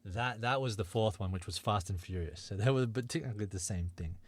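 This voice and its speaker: A man's voice: fairly low pitch, brisk, no echo. Dry-voiced man hosting a quiz podcast. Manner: playful, reads clues and synopses aloud. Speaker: podcast host reading movie quiz. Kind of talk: casual banter podcast.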